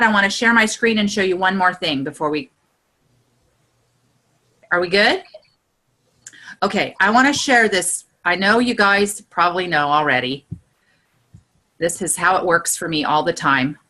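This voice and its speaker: A woman giving a casual online training session over a video call, chatty and exclamatory, her voice climbing high whenever she gets excited. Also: moderate pace, long pauses. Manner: chatty and exclamatory, with many "look" and "you know". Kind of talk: casual instructional talk.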